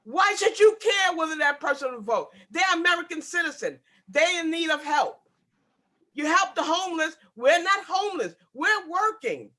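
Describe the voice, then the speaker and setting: An upset woman in her sixties pleads during public comment, repeating her points in a very high, bright voice. She is heard over a video call. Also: animated, moderate pace. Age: 60s. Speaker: public housing resident speaking at a community board meeting.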